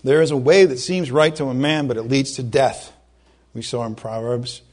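A man preaching a sermon, fervent and emphatic, who slows down to read scripture and stumbles over his words when worked up. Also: mid-range voice, fairly even intonation, darkish tone.

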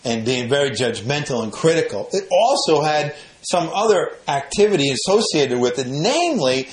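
A man's voice: a little high, sing-song, moderate pace, echoey room, a little hiss or hum, rough recording. A man teaching verse by verse through a Bible passage, explaining grammar plainly, often restarting phrases and rising when he stresses a point. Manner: explanatory, repeats and restarts phrases, rises in emphasis.

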